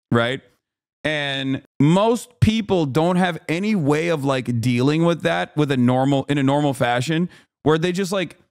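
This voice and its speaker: A man in his thirties streams his reaction to a clip, talking in an emphatic, incredulous way with plenty of swearing. His voice sits fairly high for a man.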